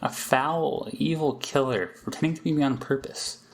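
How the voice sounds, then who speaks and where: A man reading aloud the lines of a frantic young girl who says her demonic double is hunting her, in a rushed, pleading way. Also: mid-range voice, steady tone, gravelly, close to an everyday voice. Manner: pleading, rushed, half-hysterical. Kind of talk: reading game dialogue aloud.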